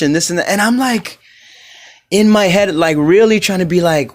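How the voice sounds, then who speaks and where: A male comedian rambles through his solo podcast in a slightly higher-than-average voice. He swears freely and wanders from point to point. He drops into quick voices when he quotes other people. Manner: loose, profane, rambling storytelling. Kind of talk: casual solo podcast chat.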